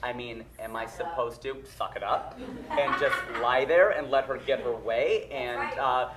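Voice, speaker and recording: A man telling a funny personal story live, self-mocking and lively, with lots of ums and uhs. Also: mid-range voice, measured pace. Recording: echoey stage room with loud noise.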